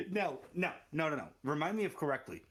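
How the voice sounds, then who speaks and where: A man's voice: a little high, expressive, normal speed, a bit bright, slight background noise. A man running an online tabletop game as game master, narrating casually with frequent laughs and swearing.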